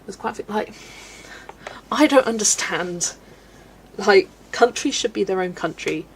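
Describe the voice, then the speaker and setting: Chatty woman with a gravelly voice. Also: medium pitch, a little fast, slight background noise. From United Kingdom. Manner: chatty, rambling, laughs often, reads chat aloud. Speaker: livestream host reading chat. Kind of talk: casual chat while colouring.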